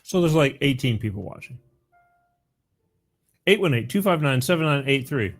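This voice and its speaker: A man's voice: medium pitch, animated, moderate pace, soft background music. A middle-aged man hosting a call-in show, chatting casually and rambling, with frequent laughs and repeats. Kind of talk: casual call-in radio chat.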